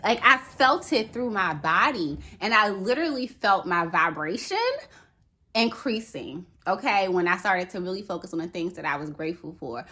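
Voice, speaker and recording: A woman talking casually to camera as a vlogger, chatty and animated, peppering her talk with "okay" and "right". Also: lowish voice, normal speed, husky. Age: adult with a daughter.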